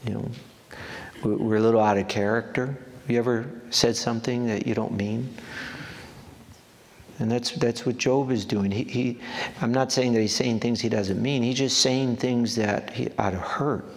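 A man's voice: medium pitch, steady tone, moderate pace. A man preaching a sermon in an earnest way, often repeating words for emphasis. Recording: long hall reverb, faint background noise.

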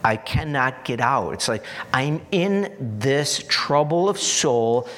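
A man preaching a sermon in an earnest, repeating style, lingering over each phrase at a slow pace. His voice carries a long reverb, as if filling a large hall. He builds to emphatic peaks, then drops to soft asides. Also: medium pitch, lively intonation. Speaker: pastor.

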